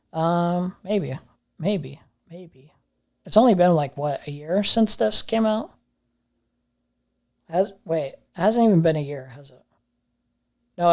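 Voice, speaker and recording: Streamer commentator, sarcastic and mocking, repeats their jokes, mutters quiet asides, middle-pitched voice. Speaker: streamer reacting to a video.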